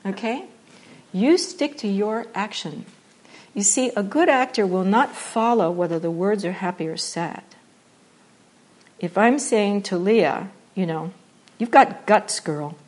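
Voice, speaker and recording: Woman teacher, spiritual talk; animated and playful, with quiet, slow repeated phrases. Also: mid-range voice. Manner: animated and playful, acting out examples with laughter; drops to soft, slow repetition when guiding meditation. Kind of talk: spiritual talk mixing meditation and acting.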